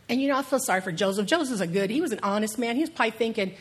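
Middle-aged woman pastor, husky, fairly high, animated storyteller. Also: rapid-fire, few pauses. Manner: animated storytelling, laughing as she tells it. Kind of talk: sermon.

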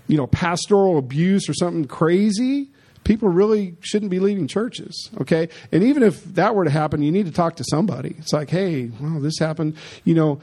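A man delivers a sermon in a fairly high voice with a warm, mellow tone. He preaches emphatically but conversationally, repeating his points and turning to the congregation with quick asides. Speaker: pastor.

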